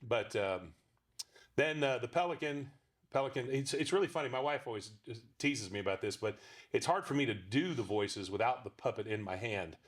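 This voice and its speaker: A man in his fifties talking casually as an interview guest, with a middle pitch. He rambles and restarts, slipping jokes into his stories. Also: moderate pace. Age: 50s. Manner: rambling storyteller, frequent restarts, joking. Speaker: ventriloquist guest.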